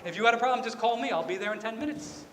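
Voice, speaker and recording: A high, bright-voiced male pastor delivering an earnest, confessional sermon. His words ring out with a long church-hall reverb over a faint hum of ambience. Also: very fast. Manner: earnest, confessional storytelling with repeated phrases. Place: church sanctuary.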